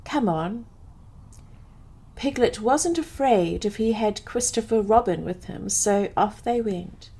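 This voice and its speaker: A woman from England, slowly and expressively reading a bedtime story in a soothing way. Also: medium pitch, animated, creaky, warm tone, breathy edge, low-quality recording.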